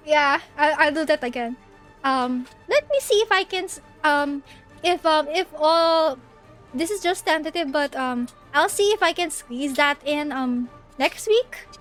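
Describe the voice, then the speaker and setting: A young woman VTuber chatting casually with her viewers while gaming, giggly and excitable, shrieking in panic at the game. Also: high voice, slow pace, soft background music. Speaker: VTuber streamer. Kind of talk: casual live-stream chat while gaming.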